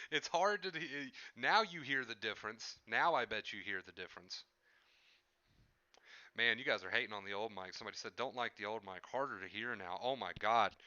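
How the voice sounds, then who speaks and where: Here a man with a fairly low pitch and normal speed chats casually with his stream viewers from home, using a headset microphone and frequently repeating himself. His voice is pushed, bright and smooth, in a dry recording with the highs cut off.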